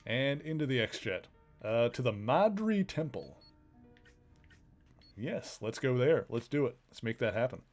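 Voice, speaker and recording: A man streams a video game and chats along in a loose, joking way, full of fillers and asides. His pitch sits mid-range. Faint game music plays behind him. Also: sing-song, unhurried, long pauses, a little mellow. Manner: chatty and joking, with filler words. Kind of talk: casual let's play commentary.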